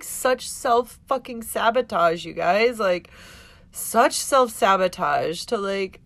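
A woman's voice: medium pitch, measured pace, creaky, no echo. A woman hosting her own podcast in a casual, profane, emotional monologue. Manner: profane, emotional, tearful and laughing at moments; lively, animated with put-on voices in quotes. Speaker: podcast host.

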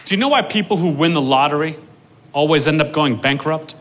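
A man doing a stand-up comedy set on stage, profane and building to shouted rants. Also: a little high, a little fast, over a noisy crowd, heavy background noise. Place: comedy club stage with a live audience.

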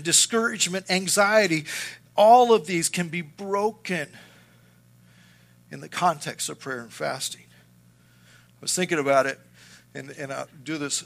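A middle-aged man preaching a sermon and telling a personal story, earnest and moving between loud and hushed. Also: fairly high pitch, creaky. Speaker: pastor.

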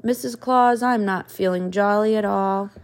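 A woman's voice: medium pitch, measured pace, natural voice. A woman doing a fretful, sighing Santa. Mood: worried. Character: worried, gloomy old Santa Claus.

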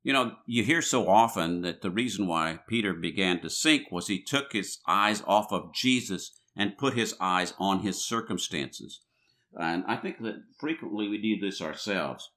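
A man's voice: low voice, expressive, normal speed, fairly bright tone. A man preaching a sermon in a conversational way, reading scripture aloud, with frequent restarts and filler words.

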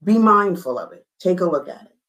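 A woman as an interview guest, telling a candid personal story in an earnest, emphatic way, her voice rising high when she gets excited. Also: a little fast, rough recording.

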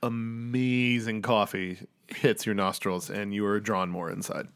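A young man running a tabletop game as game master. He narrates in a halting way, with many restarts and fillers, and laughs often. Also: on the low side, level tone, a bit bright, clean tone.

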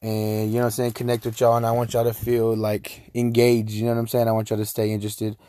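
A man's voice: lowish voice, completely flat delivery, fast talker, warm tone, no echo, studio quality. A young man from Texas, hosting a casual solo podcast, rambling and joking with lots of slang and swearing. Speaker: podcast host.

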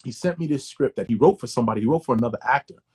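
A man, an actor, telling stories in a casual interview, animated and profane, often repeating words. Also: medium pitch, very fast, breathy edge. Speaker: actor guest.

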